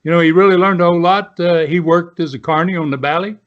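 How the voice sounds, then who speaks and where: An older man in his seventies tells long stories from his career as the guest on an interview show. His voice sits a bit high, and he rambles with plenty of "uh" and "you know." The audio comes through dull and lo-fi, as if over a remote line. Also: fast. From Southern United States. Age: 70s. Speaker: interview guest, former wrestler. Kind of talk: storytelling in a casual interview.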